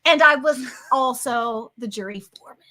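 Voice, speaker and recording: A chatty woman co-hosting a casual livestream, her voice bright and lively. She sits a little high in pitch for a woman and runs off on long tangents as she talks. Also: normal speed. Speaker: co-host.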